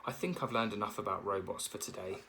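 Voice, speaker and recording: A man's voice: high-pitched, wildly swooping pitch, a little fast, pushed and bright, a little hiss or hum, pitched above the performer's own voice, full character voice. A man voicing a young male gosling, timid but brave.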